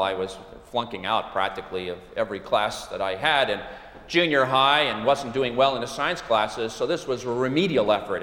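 A middle-aged man preaching an earnest sermon, leaning hard on key words and slowing down to stress them. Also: mid-range voice, a bit bright. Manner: earnest, emphatic preaching with deliberate slowed stresses. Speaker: pastor. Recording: echoey hall reverb.

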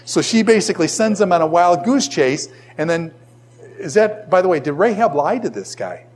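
Man with a Boston accent, fairly high voice, teaching Scripture to a class with a stream of questions. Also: normal speed, breathy edge. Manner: animated, fires rhetorical questions at the class. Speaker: Bible teacher. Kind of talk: classroom Bible lesson.

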